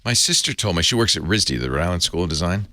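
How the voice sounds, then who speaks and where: A man hosting a podcast, chatty and quick to jump in with asides. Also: deep voice, expressive, sharp tone, no echo, studio quality. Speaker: podcast host. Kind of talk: casual chat.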